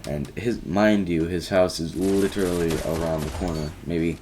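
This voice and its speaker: A man's voice: low voice, steady tone, moderate pace, noisy background. A teenage boy casually telling a rambling story about his day, often quoting himself and restarting his sentences. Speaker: vlogger.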